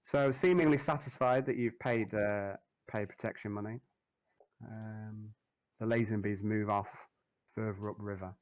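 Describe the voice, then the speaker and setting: A man's voice: lowish voice, fairly even intonation, measured pace, rough recording. Hesitant man as game master. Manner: hesitant, filler-heavy. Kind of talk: narrating a tabletop game.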